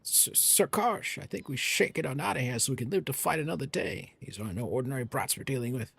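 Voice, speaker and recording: A man doing a gruff soldier commander. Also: medium pitch, expressive, fast, a bit bright, heavily acted. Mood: urging.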